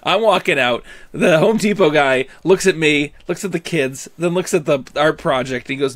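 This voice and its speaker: A man's voice: a little high, normal speed, hardly any pauses, fairly bright tone, dry recording. A man co-hosting a podcast, chatting casually and joking, laughing often. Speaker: podcast co-host. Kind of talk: casual chat.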